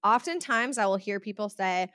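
A woman's voice: medium pitch, normal speed, fairly bright tone, dry recording, studio quality. A woman hosting a podcast in a chatty way, often acting out the voices of people she quotes. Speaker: podcast host. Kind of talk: casual podcast talk.

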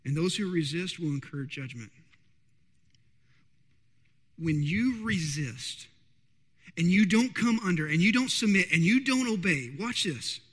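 Guy preaching, high sharp voice, big church echo, keeps asking the crowd you ready, goes quiet then loud. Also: animated, husky. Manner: keeps checking in with the congregation with quick questions; swings between hushed, drawn-out lines and louder bursts. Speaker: pastor. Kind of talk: sermon. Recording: long reverb of a large hall.

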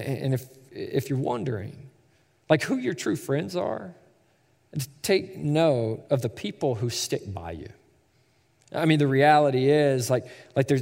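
Here the same kind of sermon comes in a medium-pitched, darkish voice: a man in his thirties, a pastor, telling stories conversationally while stumbling into stammered repeats. Hall reverb makes it sound echoey.

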